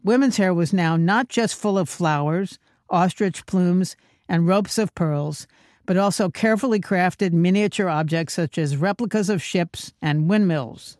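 A woman delivering scripted comedic narration with wry, sarcastic, deadpan asides. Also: lowish voice, a little slow, no echo, clean studio sound. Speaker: comedic host.

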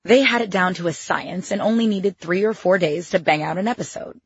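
A woman's voice: lowish voice, brisk, lo-fi sound, slight background noise. A woman reading her own memoir in the first person, with a wry, sardonic edge to her asides. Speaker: memoir narrator.

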